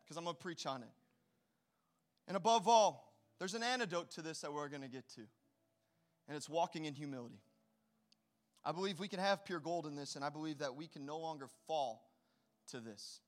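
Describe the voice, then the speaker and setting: A man preaching a sermon as pastor, telling animated stories with playful asides to his congregation. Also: fairly high pitch.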